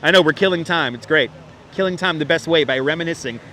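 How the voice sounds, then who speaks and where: A man's voice: fairly high pitch, fast, pushed and bright, slight background noise. Chatty New York man streaming outdoors. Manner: chatty, reminiscing, laughs often, repeats phrases. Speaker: livestream host. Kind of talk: casual live-stream chat reading comments. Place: outdoors on a city street. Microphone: wireless clip-on mic.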